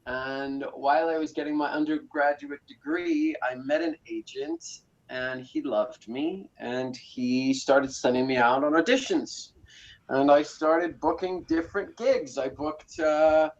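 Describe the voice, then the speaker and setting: In slightly muffled audio, a man in his forties from South Africa recounts his story as a guest in an interview, often using fillers and restarting. His voice is a little high with lively intonation, an unhurried pace, and vocal fry.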